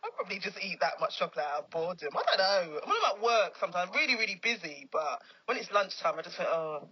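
Easygoing husky woman podcast co-host. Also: on the low side, sing-song, quick pace. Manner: easygoing, laughs along. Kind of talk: casual chat. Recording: dull lo-fi podcast recording.

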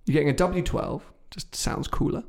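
A man with a somewhat high voice holds forth on cars in a relaxed podcast chat. He is opinionated and teases his co-host. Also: moderate pace, vocal fry. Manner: opinionated, teasing. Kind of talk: casual car chat.

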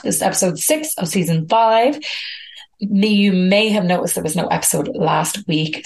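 An Irish woman hosting a podcast, chatting casually and rambling with frequent laughs. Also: lowish voice. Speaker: podcast host. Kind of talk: casual podcast intro monologue.

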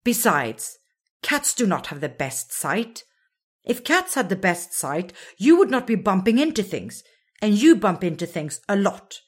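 Woman doing a little know-it-all guy, fussy and precise, slow storybook pace. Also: medium pitch, very animated, slightly rough. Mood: matter-of-fact. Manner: precise, correcting, matter-of-fact. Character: small, fussy, know-it-all male creature.

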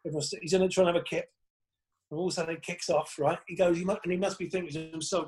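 A man's voice: high voice, little pitch movement, rapid-fire, darkish tone, soft background music, poor audio. A man, a comedian guest on a podcast, telling rambling anecdotes in casual chat with plenty of swearing.

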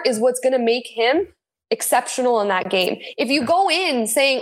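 A woman's voice: sits high, animated, normal speed. A woman co-hosting a football podcast, chatty and enthusiastic, often laughing. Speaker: podcast co-host. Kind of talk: casual sports chat.

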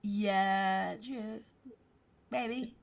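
A woman from the Philadelphia area, a comedian guesting on a podcast, telling stories in an animated way, swearing freely and filling her talk with "like" and "literally". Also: medium pitch, extremely slow, creaky, slight background noise. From Delaware County, Philadelphia area. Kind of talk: casual podcast chat.

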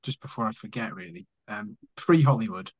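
A man's voice: fairly low pitch, a little fast, darkish tone. A man hosting a podcast, asking rambling, easygoing questions in casual chat. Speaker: podcast host. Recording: slightly dull lo-fi sound.

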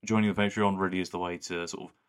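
Very low-voiced man, easygoing. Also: little pitch movement, fast, smooth. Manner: easygoing, rambling with restarts. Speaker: podcast co-host. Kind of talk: casual chat.

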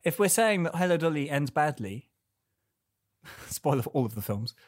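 A man's voice: fairly high pitch, big pitch swings, moderate pace, no room sound, clean studio sound. A man hosting a casual film discussion, chatty and playful, prone to tangents.

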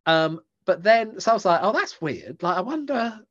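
On a podcast, a man who does stand-up trades casual talk with other comedians and tells meandering stories at his own expense. His voice is high-pitched and fairly bright with big swings in pitch, moving at a normal speed over dull lo-fi audio.

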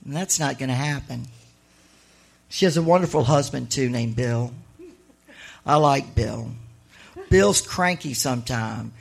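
Husky, gravelly woman telling stories on stage. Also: a bass voice, measured pace, long pauses. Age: middle-aged. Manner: chatty, animated, laughing asides. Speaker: author and honorary mayor addressing an audience. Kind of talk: live storytelling on stage. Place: live event on a stage.

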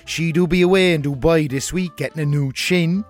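A man's voice: fairly high pitch, normal speed, faint music behind, close to an everyday voice. A man with a Cork accent playing a brash young northside letter-writer, telling his story broadly and cheekily. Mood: cheeky. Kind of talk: comic radio letter reading.

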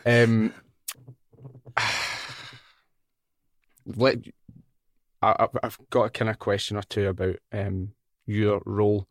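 A man's voice: on the low side, fairly even intonation, slow, long pauses, no echo, studio quality. A man hosting a podcast interview who asks questions in a hesitant, reflective way. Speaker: podcast host.

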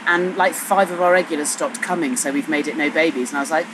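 A woman, chatting casually on a podcast, frank and sweary as she tells animated stories. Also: sits low, fast talker, background noise. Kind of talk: casual chat.

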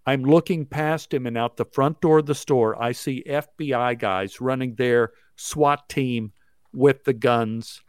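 A man with a smooth, clean voice tells an anecdote at a breathless clip and acts out each line of dialogue as he goes. His voice sits in the middle of the male range. The sound is close and dry, with no room echo. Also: medium pitch. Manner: rapid, breathless storytelling with acted-out quotes. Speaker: actor, guest telling a story. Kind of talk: animated anecdote telling.

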